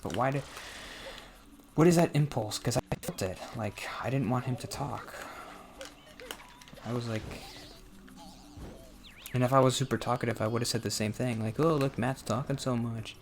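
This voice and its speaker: A young man talking casually and self-reflectively while playing a video game, rambling with soft laughs. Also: medium pitch, normal speed, long pauses, noisy background. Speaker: gaming vlogger. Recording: music playing underneath.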